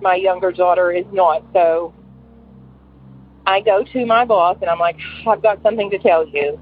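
A woman's voice: mid-range voice, breathy edge. A woman in her forties calling in to tell a personal story, rambling and emotional with many fillers. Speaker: caller. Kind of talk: telling a personal story on a call-in show. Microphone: phone. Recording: tinny phone line with faint hiss.

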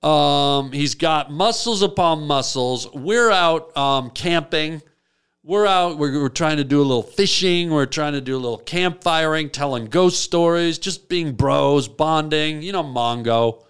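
A man hosting a comic call-in show, telling absurd stories in a deadpan rambling way. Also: on the high side, a little slow, clear, resonant tone. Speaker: radio call-in host. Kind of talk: comic radio storytelling.

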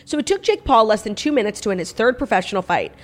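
A woman's voice: a little high, big pitch swings, quick pace. A woman hosting a podcast in casual chat, rambling with lots of fillers. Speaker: podcast host.

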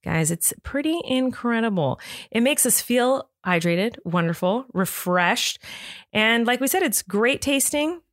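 Woman co-host, casual chatty banter, voice sits a bit high, dry recording. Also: animated, a little slow, no room sound. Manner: chatty, laughing, storytelling. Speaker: podcast co-host. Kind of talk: casual chat with ad read.

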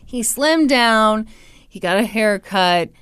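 A woman's voice: on the high side, slow, clear, resonant tone, dry recording, studio quality. A woman hosting a podcast, casually retelling a true-crime story with sarcasm and frequent swearing. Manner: profane, sarcastic, animated retelling. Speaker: podcast host.

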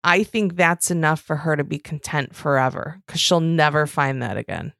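Woman co-host, casual podcast chat, animated and giggly, cusses, a little low, dry close sound. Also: moderate pace, creaky, no room sound. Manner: animated, giggly, swears freely. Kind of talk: casual chat about reality TV.

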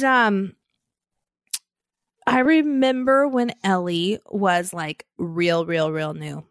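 A woman in her thirties co-hosting a podcast, telling animated stories about her kids in a casual chat and laughing often. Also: medium pitch, takes it slowly, long pauses, dry recording, clean studio sound. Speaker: podcast co-host.

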